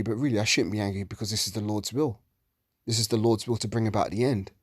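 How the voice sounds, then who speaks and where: Man, religious commentary, heated ranting, profane, mid pitch, dry sound. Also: darkish tone, no echo. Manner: heated, ranting, swears often.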